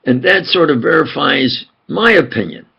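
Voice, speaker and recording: An older man with a New York accent, speaking in a slow, halting, rambling monologue full of fillers and restarts. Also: fairly high pitch, lively intonation, vocal fry, breathy edge, muffled recording. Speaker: channel host.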